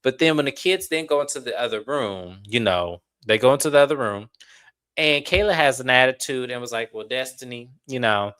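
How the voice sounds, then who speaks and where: A casual reality TV recapper who speaks bluntly and with exasperation. The host talks straight to the audience and swears freely, in a mid-pitched voice. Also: a little fast, fairly bright tone. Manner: blunt, exasperated, profane, talks to viewers directly.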